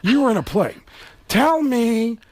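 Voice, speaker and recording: Dude doing a sneery grumpy old movie star, drawn-out and theatrical. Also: male voice, extremely high pitch, expressive, noisy background, voice pushed up. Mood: sneering. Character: gruff, bitter, menacing older male movie star.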